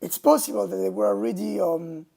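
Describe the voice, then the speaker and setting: A man streaming a casual monologue, talking in a halting, indignant way from a home mic setup. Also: sits high, vocal fry, warm tone. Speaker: livestreamer.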